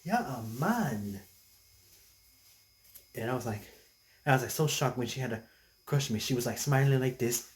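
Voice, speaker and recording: A man telling a rambling comic story as a stand-up comedian, halting with many restarts. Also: mid-range voice, fairly even intonation. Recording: echoey room, mic at a distance.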